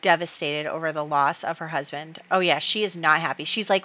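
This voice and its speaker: A woman's voice: fairly low pitch, brisk, few pauses, sharp tone, dull audio. A woman hosting a let's play, chatting casually as she narrates her game moves with fillers and small laughs.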